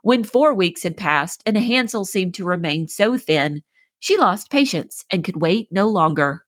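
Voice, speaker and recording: A woman hosting a children's podcast, reading a fairy tale aloud in a gentle, clear scripted narration. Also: lowish voice, lively intonation, a little slow, dry recording, clean studio sound. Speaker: podcast host and storyteller.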